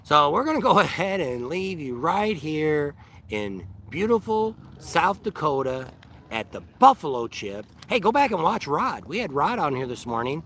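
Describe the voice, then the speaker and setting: A man's voice: fairly high pitch, sing-song, moderate pace, fairly bright tone, a little hiss or hum. A man hosting a casual vlog sign-off outdoors at a campground, rambling and joking. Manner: rambling, joking, sound-effect interjections. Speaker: vlog host. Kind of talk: casual live-stream sign-off.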